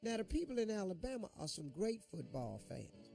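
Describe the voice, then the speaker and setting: A man's voice: sits high, sing-song, moderate pace, vocal fry, dark tone, soft background music. Impassioned middle-aged male radio host. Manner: impassioned, preachy commentary. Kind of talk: morning radio talk.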